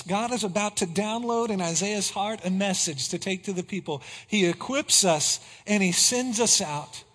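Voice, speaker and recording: A man preaching a sermon, swinging between hushed passages and loud exclamations of praise. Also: sits high. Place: church sanctuary. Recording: long hall reverb.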